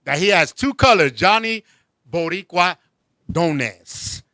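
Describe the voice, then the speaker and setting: A man hosting a casual comedy talk show, joking and animated, laughing often. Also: high voice, slow pace, dry recording. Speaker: host.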